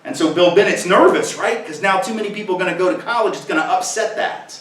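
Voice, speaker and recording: A man's voice: sits high, fast talker, a bit bright. A man giving a public lecture at a college, speaking in a punchy, rhetorical way and often asking the audience "right?". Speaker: guest speaker. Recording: echoey hall, mic at a distance.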